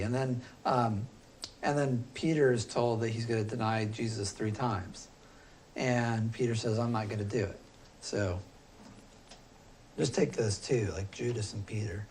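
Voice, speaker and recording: A man teaching a philosophy class, talking loosely and thinking aloud with frequent pauses and fillers. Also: fairly low pitch, steady tone, darkish tone, slight background noise. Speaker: philosophy instructor. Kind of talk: classroom lecture.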